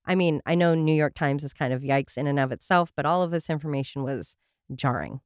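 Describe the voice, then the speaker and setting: A woman's voice: deep voice, fairly quick, dry recording. A woman hosting a casual podcast, telling stories with dry, sarcastic asides. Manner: wry, sarcastic asides while reading a story. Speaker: podcast host.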